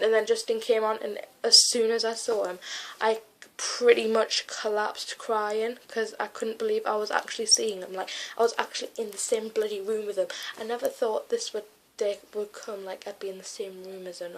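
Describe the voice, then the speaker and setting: A woman's voice: mid-range voice, flat delivery, normal speed, a little hiss or hum, poor audio. A teenage woman talks straight into her webcam from her bedroom. She rambles and gushes, stringing her thoughts together with "like" and "oh my God", in a casual vlog. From United Kingdom. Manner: gushing, rambling, lots of "like" and "oh my God". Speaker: vlogger. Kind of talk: casual vlog recounting a concert.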